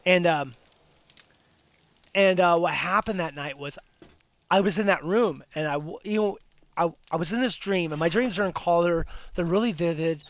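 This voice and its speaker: A man's voice: high voice, moderate pace. A young man telling a ghost story in casual chat, rambling with many restarts and fillers. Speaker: host.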